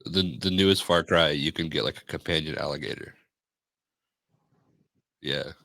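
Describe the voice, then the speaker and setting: Deep-voiced male podcast host, casual. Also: moderate pace, gravelly, no room sound, clean studio sound. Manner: relaxed and swears casually.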